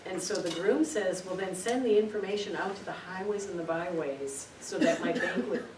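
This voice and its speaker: A woman's voice: fairly low pitch, moderate pace. A middle-aged woman giving an earnest, storytelling spiritual talk to a group, repeating words for emphasis. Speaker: spiritual speaker. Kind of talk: informal spiritual teaching to a group. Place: meeting room. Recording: echoey room, distant mic, noisy.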